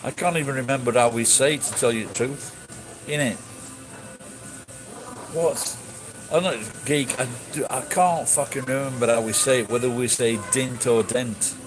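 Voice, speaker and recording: A man's voice: mid-range voice, steady tone, moderate pace, rough recording. Blunt, sweary man chatting. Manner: blunt, sweary, rambling with restarts. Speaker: streamer answering chat. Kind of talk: casual chat. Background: music.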